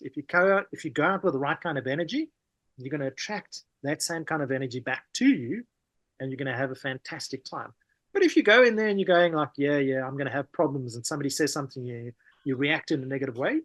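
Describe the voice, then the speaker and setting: A South African man, a podcast guest, telling stories in a lively, casual way, often saying "man" and "you know". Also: fairly high pitch, no room sound. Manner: animated, peppers talk with "man" and "you know". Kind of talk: casual conversational storytelling.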